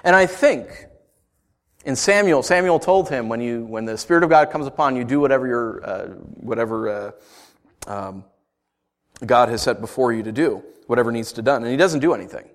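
A man preaching a sermon, conversational and animated, with playful asides to the congregation. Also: medium pitch, moderate pace. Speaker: pastor.

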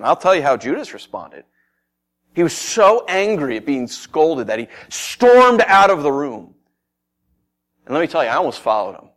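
A man preaching, telling a Bible story in first person as if he had been there, swinging from loud excitement to hushed tones and asking his listeners questions. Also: a little high, a little slow, long pauses. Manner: addresses listeners directly with questions.

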